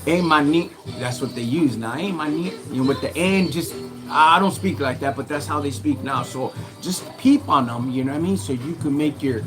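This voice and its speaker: A man's voice: medium pitch, a little fast, music in the background, rough recording. A man in his thirties hosting a casual livestream from his shop, reading viewer comments and giving streetwise advice in heavy slang. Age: 30s. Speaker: livestream host.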